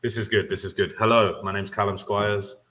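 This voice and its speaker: A lower-pitched man with a British accent and a bright, forceful tone talks as a guest analyst. He speaks casually and dryly and pokes fun at himself. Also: little pitch movement, fairly quick, slight background noise. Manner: dry, self-mocking humor. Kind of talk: casual chat.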